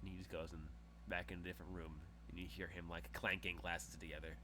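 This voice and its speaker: A man's voice: deep voice, flat delivery, quick pace, background noise. A man narrating a tabletop game as game master in a casual, rambling way full of fillers.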